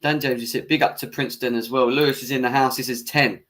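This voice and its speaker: A man's voice: mid-range voice, fairly even intonation, quick pace, a bit bright. Young man, live-stream football reaction, fiery, swears, argues with chat, mid-range voice. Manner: heated, swearing, arguing with chat; laughs off his own bias. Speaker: football fan channel host.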